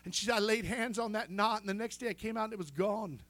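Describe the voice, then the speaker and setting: A man's voice: high-pitched, fast, fairly bright tone. A man preaching a sermon with fervor, breaking in with calls of amen and restarting his sentences as he tells a story. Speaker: pastor.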